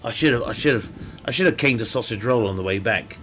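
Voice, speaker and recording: A man's voice: mid-range voice, quick pace, fairly bright tone. A young man chatting casually while streaming a game, rambling and joking with frequent laughter. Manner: rambling, jokey, laughs often. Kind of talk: casual chat while gaming.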